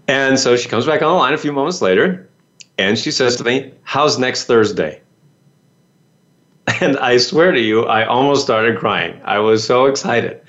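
A man telling a personal story to an audience in a casual, animated way, jumping into the voices of the people he quotes. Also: medium pitch, normal speed, muffled recording. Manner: animated, acts out quoted voices, many fillers.

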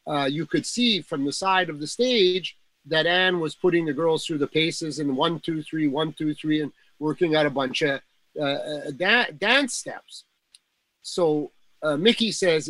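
A man's voice: on the high side, measured pace, fairly bright tone, no room sound, poor audio. An older man telling a long backstage anecdote in casual talk, rambling with fillers and restarts. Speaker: guest storyteller.

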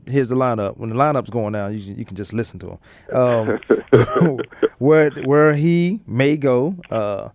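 A man's voice: medium pitch, measured pace, darkish tone, dry recording. A man hosting a live sports talk show, chatting loosely and joking, with lots of fillers and restarts. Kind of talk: casual sports radio chat.

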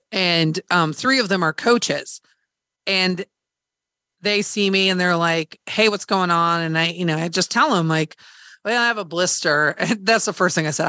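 A woman's voice: on the low side, fairly bright tone, no echo, clean studio sound. A woman hosting a podcast, candidly retelling a hard experience in casual chat, swearing freely and acting out quoted dialogue. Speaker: podcast host.

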